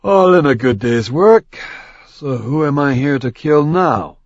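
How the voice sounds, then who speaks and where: A man's voice: fairly high pitch, animated, a little slow, no echo, lo-fi sound, pitched above the performer's own voice. A man voicing a cocky immortal warrior who cheerfully wants to kill something, in an audiobook. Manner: cocky, glib.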